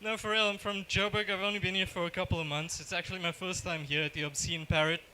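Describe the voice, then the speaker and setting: A man from Johannesburg with a South African accent doing a deadpan, self-deprecating stand-up set in a bar. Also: high voice, fast, a little hiss or hum, low-quality recording. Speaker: stand-up comedian. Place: comedy bar stage.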